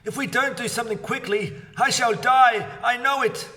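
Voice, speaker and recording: A man's voice: very high voice, steady tone, normal speed, sharp tone, far from the mic, pitched above the performer's own voice, heavily acted. A man voicing a nasty old woman who screams in panic, read aloud from a storybook. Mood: panicked. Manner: screaming, frantic.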